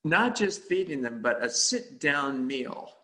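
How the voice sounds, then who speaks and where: A man telling a casual story about volunteer cooking, halting and full of fillers and self-corrections. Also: medium pitch, big pitch swings, bright, forceful tone, rough recording. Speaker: volunteer cook.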